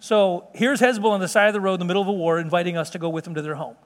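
A man giving an animated sermon testimony, telling a story with laughs and exclamations. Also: high-pitched, rapid-fire. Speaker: preacher. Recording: hall reverb.

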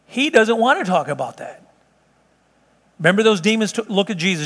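A man's voice: high-pitched, very animated, a little fast, long pauses, fairly bright tone. A man preaching a sermon from the pulpit, driving his points home with emphatic repetition. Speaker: pastor. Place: church sanctuary. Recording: long hall reverb.

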